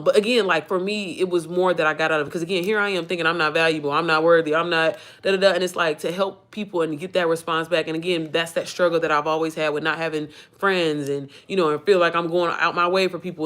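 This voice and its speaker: A woman's voice: fairly low pitch, fairly bright tone. A woman, chatting in a rambling, emotional way on a livestream, swearing freely. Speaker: livestream host. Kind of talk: casual livestream chat.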